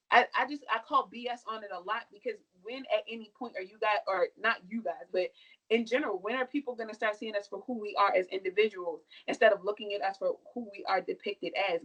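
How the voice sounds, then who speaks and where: A young woman with a fairly high voice talks with force and conviction, pressing each point home. Her delivery is emphatic and a little sassy, like a guest on a podcast making her case. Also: bright, forceful tone, breathy edge, lo-fi sound. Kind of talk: impassioned podcast discussion.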